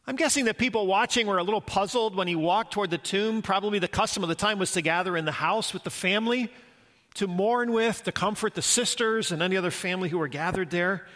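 A man's voice: high voice, fairly bright tone. A man preaching a sermon as a pastor, earnest and reflective, posing rhetorical questions to the congregation.

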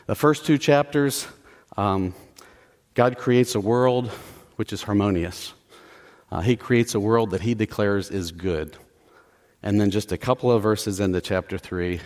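In a church sanctuary, a middle-aged man with a lowish, slightly mellow voice preaches a conversational sermon. He checks in with the congregation, pokes fun at himself, and keeps asking "okay?"

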